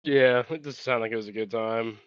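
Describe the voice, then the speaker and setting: Smooth-voiced man, dry and dull recording. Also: mid-range voice, steady tone, a little fast, no room sound. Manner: short reactive interjections, slangy. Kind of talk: casual podcast banter.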